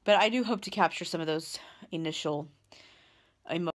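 A young woman, heavily pregnant and out of breath, chatting casually to a phone camera as she shows off a nursery, with lots of fillers and restarts. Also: fairly low pitch. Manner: chatty, halting with many fillers. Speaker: vlogger. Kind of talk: casual vlog chat. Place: nursery at home, indoors. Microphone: phone held while walking.

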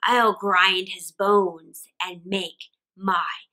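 Woman putting on a booming, menacing giant. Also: steady tone, sharp tone, rough recording. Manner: slow, booming chant. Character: huge fearsome male giant, booming and menacing.

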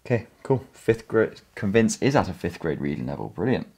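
A man's voice: on the low side, sing-song, a little fast, a little mellow, husky. A man vlogging from his small home office, thinking aloud and rambling with self-corrections. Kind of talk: casual vlog talk.

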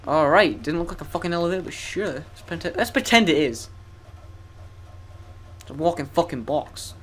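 A man's voice: a little high, expressive, moderate pace, long pauses, fairly bright tone. A young man giving profane, sarcastic, self-mocking commentary while playing a video game. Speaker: let's play gamer. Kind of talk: gameplay commentary.

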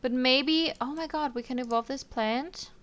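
Young woman talking thru her sims game, kinda high smooth voice, lots of ums. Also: normal speed, a bit bright. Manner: chatty, talks to her game characters, frequent ums. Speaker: let's play streamer. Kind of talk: casual game commentary.

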